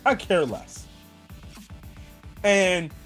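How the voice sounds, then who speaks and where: Animated high-voiced man reviewing anime. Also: very slow, faint music behind. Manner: animated, profane, emphatic. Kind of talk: casual video review.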